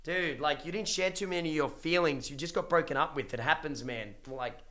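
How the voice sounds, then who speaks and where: A man's voice: fairly high pitch, fairly quick. Blunt, profane young streamer man. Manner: blunt, profane, animated ranting with many restarts. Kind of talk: casual livestream rant to chat.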